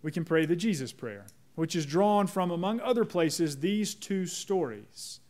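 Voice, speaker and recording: A man preaching a sermon as pastor, slowing down to lead a prayer. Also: on the high side, expressive, darkish tone. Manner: measured, slows down on prayer phrases; leads the congregation in repeating a prayer.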